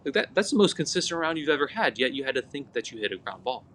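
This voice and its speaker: Bright-voiced coach telling stories. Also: male voice, mid-range voice, very animated, fast, a little hiss or hum. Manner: storytelling, quotes his athletes in dialogue. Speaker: hitting coach and podcast co-host. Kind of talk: casual podcast conversation.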